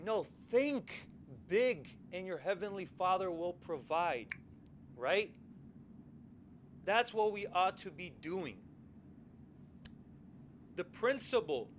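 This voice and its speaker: A man co-hosting a podcast, telling a story in casual, animated style, acting out quoted lines and often adding "right?". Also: high-pitched, a little hiss or hum, rough recording. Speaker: podcast co-host.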